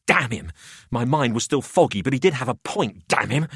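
A man narrating a macabre tale in the first person, expressive and dramatic. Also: medium pitch, moderate pace, husky, no echo, clean studio sound. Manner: expressive, rising to frantic shouts in dialogue.

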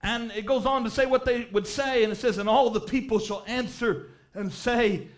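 A man preaching a revival sermon in church, reading scripture aloud and rising fervently into shouts on key phrases. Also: very high voice, fairly even intonation, moderate pace. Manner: reads scripture aloud in old-style wording.

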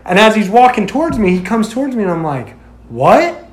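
A man in casual chat, telling a story in an animated way, filling his talk with "like" and acting out what people said. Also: high-pitched, fast. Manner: animated storyteller, heavy use of "like", acts out quoted lines. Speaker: podcast guest telling a story.

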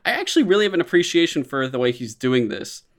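A man chatting casually on a podcast, reviewing a movie with frequent swearing and animated asides. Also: a little high, fast. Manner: rambling, swears often, animated impressions.

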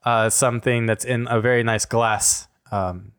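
A man's voice: mid-range voice, fairly even intonation, unhurried, a bit bright, clean tone. Laid-back man running a tabletop game. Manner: casual, hesitant, many fillers and laughs. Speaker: game master.

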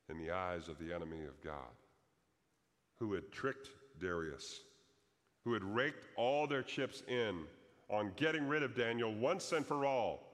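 A man's voice: low voice, a bit bright, long reverb tail. A man preaching a sermon as pastor, telling a story dramatically and acting out the quoted prayers.

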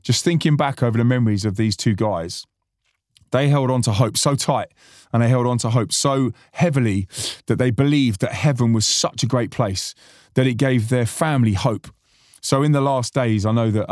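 A man's voice: mid-range voice, darkish tone, no echo, studio quality. A man hosting a podcast, chatting casually and earnestly, rambling with many restarts. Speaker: podcast host and musician. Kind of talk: casual reflective chat.

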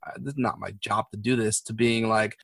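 A man's voice: on the low side, fairly even intonation, brisk, creaky, fairly bright tone, no echo. A man co-hosting a casual movie review podcast, rambling through his take and quoting characters. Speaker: podcast co-host.

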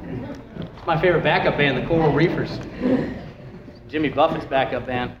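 Joking pastor in an echoey hall. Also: male voice, on the high side, normal speed, a crowd in the background. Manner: joking, chatty, asks the class questions. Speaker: pastor teaching a Bible class. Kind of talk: casual Bible class teaching. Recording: echoey hall, dull lo-fi sound, faint noise.

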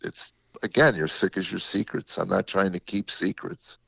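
An older man, a comedian guest, telling stories in a reflective, halting way with many fillers, on a dull lo-fi recording. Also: low voice, creaky, pushed and bright, husky, dry recording. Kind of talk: casual interview storytelling.

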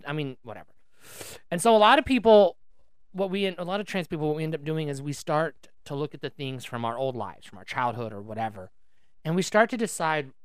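A woman's voice: low voice, dry recording. A woman co-hosting a podcast in casual chat, rambling and restarting her sentences as she talks into a studio microphone. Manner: chatty and rambling, with many restarts. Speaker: podcast co-host.

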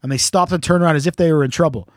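A man's voice: a little high, racing, dry recording, studio quality. A man hosting a casual chat, telling a rambling, profane, jokey story. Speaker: podcast host.

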